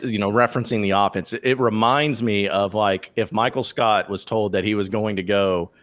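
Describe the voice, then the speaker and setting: A man's voice: on the low side, fairly even intonation, normal speed, fairly bright tone. A man in casual conversation, rambling and joking, often breaking into jokey put-on voices. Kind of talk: casual chat.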